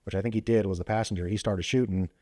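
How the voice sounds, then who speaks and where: A man who is a former police officer, telling stories as a podcast guest in a quick, animated way full of fillers and restarts. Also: lowish voice, no echo, studio quality. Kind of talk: casual storytelling interview. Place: podcast studio.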